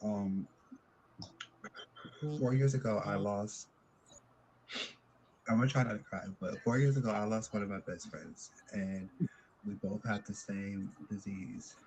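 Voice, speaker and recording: A man, a contestant, telling a personal story in a halting, soft-spoken way with many pauses. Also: lowish voice, steady tone, a little hiss or hum, poor audio.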